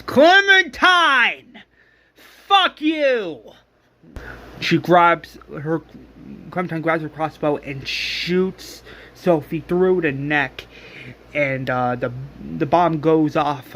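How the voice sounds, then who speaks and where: Man, slightly high voice, casual story recap, rambling, lots of fillers, faint background hiss. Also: a bit bright. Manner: rambling, many fillers and restarts. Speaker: fan retelling a story.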